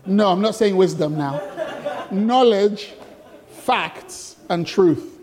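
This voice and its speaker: A pastor with a high-pitched, slightly mellow voice delivers an interactive sermon in a church hall. Chatty and jokey, he asks the congregation questions and teases the room.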